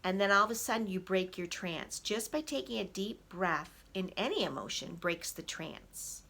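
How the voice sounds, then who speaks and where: Bright-voiced, animated woman coach. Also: mid-range voice, normal speed, gravelly. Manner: animated, acts out angry inner voices with gritted emphasis; direct, addresses listeners as "people". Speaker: emotional wellness coach and inspirational speaker. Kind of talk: motivational talk to viewers.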